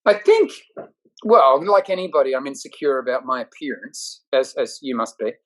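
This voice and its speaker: A man, a comedian, talking candidly as an interview guest with quick, punchy comic timing and a self-deprecating edge. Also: mid-range voice, expressive, a bit bright, poor audio. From Australia.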